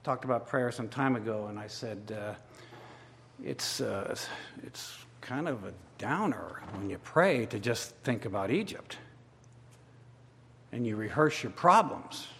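A man's voice: mid-range voice, animated, a little slow, a bit bright, a little hiss or hum. A man preaching a sermon, reading scripture aloud and commenting on it with pointed rhetorical questions. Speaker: pastor. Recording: long reverb of a large hall.

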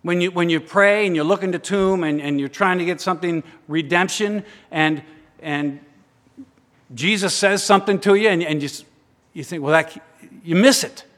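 A man preaching a sermon, moving between hushed, slow reflection and raised, urgent emphasis, repeating phrases in building lists. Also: high voice, big-room sound. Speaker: pastor.

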